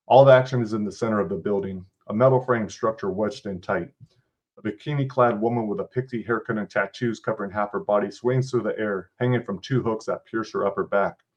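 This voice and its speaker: Low-voiced man reading a story with salty asides. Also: fairly quick. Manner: casual, profane asides. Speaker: podcast host. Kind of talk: reading an interactive story aloud.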